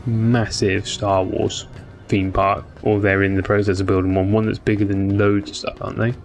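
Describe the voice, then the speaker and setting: A tired man chatting casually with viewers during a game stream, rambling with many fillers. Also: fairly low pitch. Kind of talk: casual live-stream chat.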